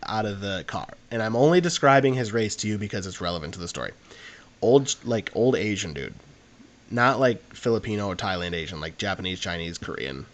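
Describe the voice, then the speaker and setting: A young man, co-hosting a podcast and telling a long, rambling anecdote in casual chat, full of fillers. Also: fairly low pitch. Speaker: podcast co-host.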